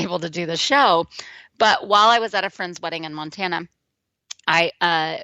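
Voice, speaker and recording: Bright, chatty talk-radio woman. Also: fairly low pitch, no room sound. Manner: chatty, rambling, lots of restarts. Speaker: radio show co-host. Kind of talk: casual political talk radio chat. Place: radio studio.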